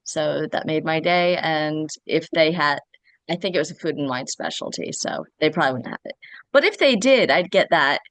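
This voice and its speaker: Low-voiced, offhand woman. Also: animated, normal speed, dry recording. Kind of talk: casual chat.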